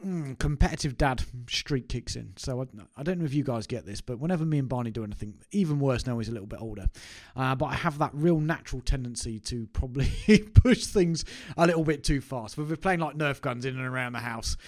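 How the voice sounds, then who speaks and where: A business owner who vlogs tells a personal story to camera, chatty and poking fun at himself. His mid-range voice moves a little fast, with few pauses, in this casual anecdote.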